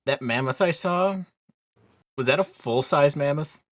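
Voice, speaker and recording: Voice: mid-range voice, unhurried, dry recording, studio quality. A player in a tabletop game, easygoing and laughing a lot. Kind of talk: casual tabletop game chat.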